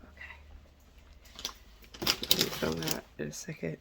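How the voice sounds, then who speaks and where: Low gravelly-voiced woman vlogging at home. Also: very animated, slow. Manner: chatty, rambling. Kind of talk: casual vlog chat. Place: home, indoors. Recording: noisy home recording.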